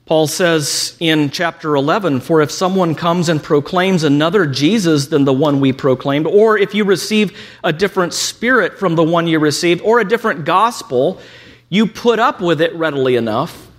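A man's voice: a little high, moderate pace. A man teaching a lecture on scripture, reading quotations aloud and adding ironic asides. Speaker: Bible teacher.

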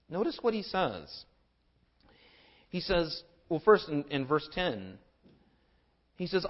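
A man's voice: fairly high pitch, dull audio. A man preaching a sermon in an earnest manner, often repeating words as he stresses a point. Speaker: pastor.

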